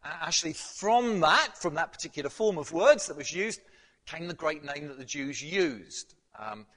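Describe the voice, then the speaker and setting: A man preaching a sermon, emphatic, building to loud climaxes, with fillers and restarts. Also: a little high, lively intonation, moderate pace. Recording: hall with long reverb.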